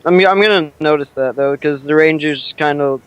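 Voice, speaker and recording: A man with a smooth, resonant, slightly high voice, declaring his character's moves hesitantly and restarting often. The sound is dull and lo-fi, like audio from a voice call. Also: brisk. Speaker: player. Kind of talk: in-character tabletop play.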